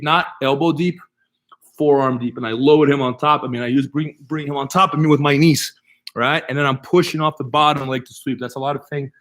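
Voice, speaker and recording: A man's voice: medium pitch, fairly bright tone. Man teaching, explaining each step patiently. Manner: explanatory, repeats key points with "right?". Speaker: jiu-jitsu instructor. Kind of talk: live online class Q&A, demonstrating techniques.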